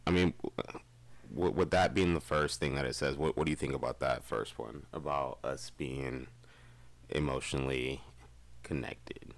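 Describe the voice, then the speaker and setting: A man with a very deep voice co-hosting a laid-back podcast. He talks bluntly, teases his co-host and swears freely. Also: normal speed, gravelly. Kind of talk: casual chat.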